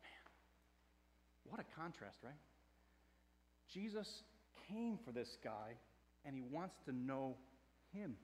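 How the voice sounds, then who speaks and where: A man preaching a sermon in a conversational way, swinging from hushed to loud. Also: medium pitch, big pitch swings, slow pace, pauses often, slight background noise. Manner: conversational with fillers and restarts. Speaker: pastor.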